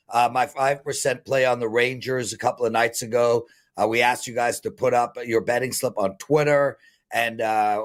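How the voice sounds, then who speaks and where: A man in his fifties hosting a sports betting show, talking in a heartfelt, rambling way and getting emotional. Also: medium pitch. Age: 50s. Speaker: host.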